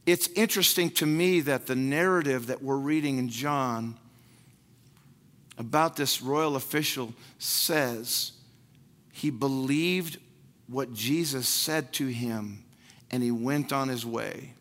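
Bright-voiced preaching man in a reverberant hall. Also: mid-range voice, takes it slowly. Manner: emphatic, repeats key phrases, acts out prayers and speech. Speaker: pastor. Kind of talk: sermon.

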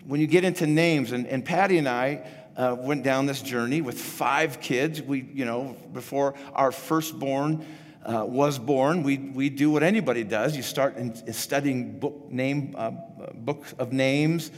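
Middle-aged pastor, easygoing sermon delivery with restarts, mid-range voice in a reverberant sanctuary. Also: male voice, mid-range voice, measured pace. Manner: casual, rambling, with frequent restarts. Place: church sanctuary. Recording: echoey church hall.

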